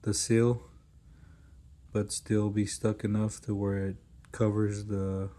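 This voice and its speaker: Chill low-voiced caulking guy cussing casually while he works, mellow tone, smart-glasses mic. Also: level tone, takes it slowly. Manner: laid-back, swears often, talks while working. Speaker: caulking tradesman. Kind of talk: casual work vlog narration.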